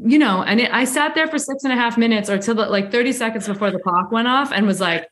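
A woman's voice: a little high, quick pace, hardly any pauses, a bit bright. A woman guest on a talk show, telling a personal story in a reflective, candid way, often saying "like" and "right?". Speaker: podcast guest. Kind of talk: conversational storytelling.

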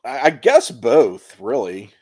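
A man's voice: mid-range voice, sing-song, slow pace, darkish tone, dry recording, clean studio sound. A man hosting a podcast, asking wry, teasing questions in a casual chat. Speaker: podcast host.

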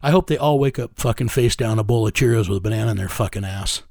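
A man's voice: on the low side, fast talker, creaky, a little mellow, dry recording, studio quality. Blunt, profane man telling a story. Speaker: interview guest. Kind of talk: casual storytelling.

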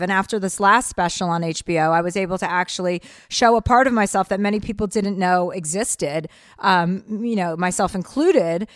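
A woman's voice: mid-range voice, no echo, studio quality. A middle-aged woman from New Jersey, a comedian chatting bluntly and profanely in an interview. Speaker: comedian guest. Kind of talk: casual interview chat.

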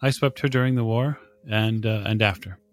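A man voicing a dutiful middle-aged station sweeper with an Italian accent, speaking in halting, plain sentences in a tabletop game. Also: on the low side, lightly acted. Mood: friendly.

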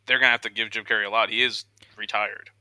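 An energetic young man co-hosts a casual news podcast. His voice is strikingly bright and forceful. He sits in a dead, dry-sounding room, and he often slips into mock voices when he quotes people. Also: lowish voice, quick pace, no room sound. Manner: excitable, acts out quotes in voices. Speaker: podcast co-host.

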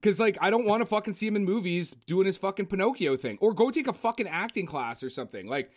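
A man ranting in a casual, profane film review chat, animated and blunt. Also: high voice, fast talker. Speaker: podcast co-host.

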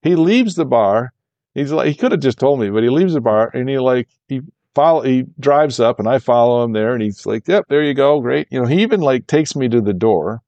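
A man's voice: medium pitch, expressive, fairly quick, warm tone, dry recording, highs cut off. A man, a golf course architect, telling a long, rambling anecdote in a casual interview and livening up when he quotes other people. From Michigan, USA.

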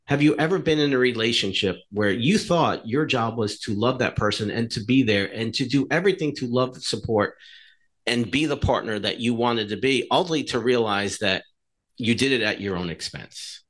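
A man co-hosting a podcast, telling stories in a casual, animated way and acting out the dialogue in them. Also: mid-range voice, moderate pace. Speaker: podcast co-host.

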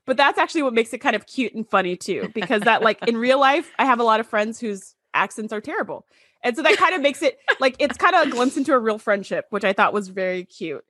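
A young woman chatting casually, with lots of "like" fillers and lively asides. Her voice sits a little higher than most, recorded close and dry. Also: fast talker, no echo. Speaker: podcast co-host. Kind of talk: casual chat.

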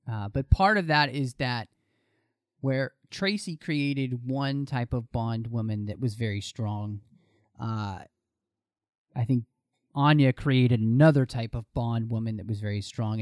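A man co-hosting a casual film podcast, talking in an animated, jokey way with many restarts and fillers. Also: medium pitch, no room sound, studio quality. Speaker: podcast co-host.

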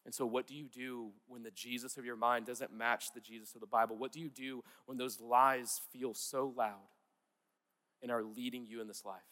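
A man's voice: medium pitch, little pitch movement, normal speed, fairly bright tone, big-room sound. A man preaching a sermon in an earnest, conversational way, repeating key words for emphasis. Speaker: pastor.

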